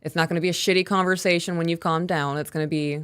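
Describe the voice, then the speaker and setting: A woman co-hosting a podcast live stream, reading listener questions and calmly explaining how she handles her kids. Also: lowish voice, clean tone. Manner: calm, measured, reads out listener questions. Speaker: podcast co-host. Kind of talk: casual live-stream Q&A chat.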